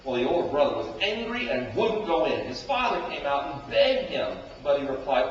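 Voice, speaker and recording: A male pastor preaching with dramatic storytelling, his fairly high voice swinging widely between loud outbursts and hushed lines. The sound is very echoey, taken from a distance in a church, with a dull, lo-fi quality. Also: big pitch swings, normal speed, hardly any pauses. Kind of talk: sermon. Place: church sanctuary. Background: church hall reverb.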